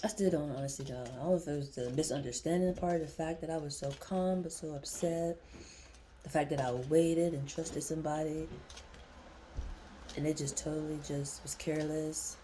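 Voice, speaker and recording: A young woman reads tarot in a laid-back vlog, her voice low-set and mellow. She talks straight from the gut, swears freely and thinks out loud as she turns each card. A faint hiss sits under her voice. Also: fairly even intonation, normal speed. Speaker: tarot reader. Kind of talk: casual tarot reading vlog.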